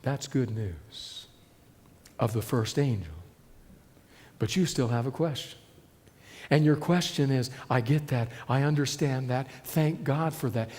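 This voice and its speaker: Male preacher, a touch high-pitched, dramatic sermon delivery with hushed emphasis, echoing hall sound. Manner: dramatic shifts between loud and hushed delivery.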